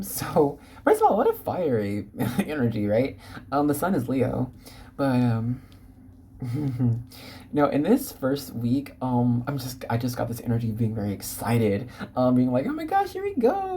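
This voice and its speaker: Woman, tarot reader, very deep for a woman, warm mellow tone, bubbly, rambling. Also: a little hiss or hum. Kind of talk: casual tarot reading to viewers.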